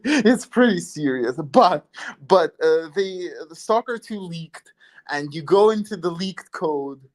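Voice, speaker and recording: Podcast host, male, from Italy, slightly higher voice, loose rambling talk. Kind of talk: casual podcast chat.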